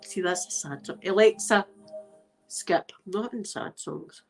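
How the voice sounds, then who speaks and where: Scottish woman, mid-pitched, stuffy-nosed, rambling live-chat host, faint music behind. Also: measured pace, vocal fry, low-quality recording. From Scotland. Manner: chatty, rambling, swears casually, laughs often. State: blocked nose. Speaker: ASMR channel host. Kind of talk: casual livestream chat, answering viewers. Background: faint music playing.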